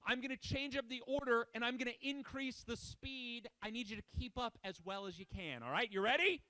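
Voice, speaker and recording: Hype man with a very high voice, dry close sound, energetic crowd warm-up host. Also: brisk, no echo. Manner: energetic, shouting commands to a crowd.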